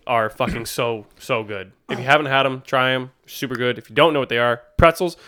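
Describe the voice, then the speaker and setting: A man's voice: mid-range voice, a little fast, pushed and bright, clean tone. A young man co-hosting a podcast, laid-back and casual, swearing freely and laughing often. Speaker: podcast co-host. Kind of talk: casual chat.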